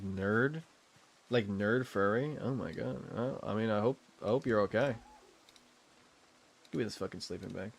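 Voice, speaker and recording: A young man streaming a game, chatting in a rambling, crude, giggly way. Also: fairly low pitch. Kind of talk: casual chat while streaming a game.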